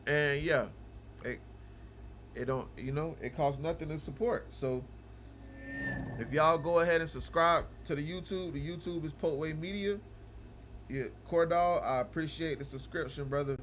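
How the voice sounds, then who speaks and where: A man hosting a livestream, chatting casually with viewers and teasing them, going from low mumbling to loud ranting. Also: a little slow, long pauses, slight background noise. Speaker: livestream host of a game broadcast.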